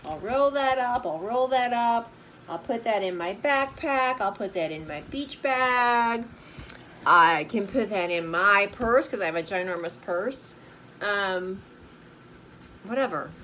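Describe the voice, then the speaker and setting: An older woman talks through an easy craft project in a bubbly, chatty tone, stacking up words for emphasis and checking in with the listener. Her voice sits in an ordinary middle pitch, with a faint hiss of background noise behind her. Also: lively intonation, unhurried, pushed and bright, low-quality recording. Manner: bubbly, chatty, lots of "super" and "right?". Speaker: art journaling vlogger. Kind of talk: casual craft tutorial.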